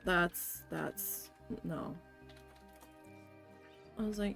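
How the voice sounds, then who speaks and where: A woman's voice: medium pitch, drawn-out words, creaky, pauses often, faint music behind. Blunt, cursing woman streamer. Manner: blunt, swears often, animated retelling. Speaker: game streamer. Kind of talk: casual storytelling while playing a game.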